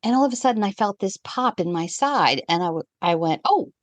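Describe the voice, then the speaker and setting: A woman guest on a podcast, telling her own story in a lively way and acting out the lines of the people in it. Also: mid-range voice, brisk, no echo. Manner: animated storyteller who acts out the quoted dialogue. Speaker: guest, evidential medium. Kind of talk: personal storytelling in a podcast conversation.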